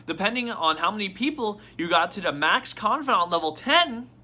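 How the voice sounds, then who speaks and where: A man vlogging casually at his desk, rambling and excitable with frequent swearing and restarts. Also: sits high, normal speed. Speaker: toy unboxing vlogger.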